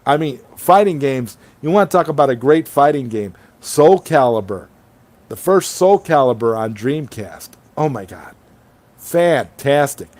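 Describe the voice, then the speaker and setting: A man's voice: medium pitch, expressive, measured pace, a little mellow, dry recording. A man hosting a casual late-night livestream chat, reading viewer comments aloud and rambling enthusiastically between them over an online call. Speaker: livestream host. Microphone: online streaming call.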